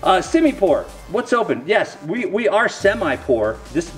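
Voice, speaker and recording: A man's voice: high-pitched, big pitch swings, normal speed, hardly any pauses, faint music behind. A middle-aged man rambling casually to camera while opening card packs, with self-mocking, folksy asides.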